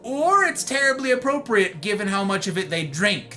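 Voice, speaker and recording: A man's voice: sits high, sing-song, normal speed, hardly any pauses, sharp tone, faint music behind. A man live-streaming, chatting casually with his viewers, teasing and greeting them by name.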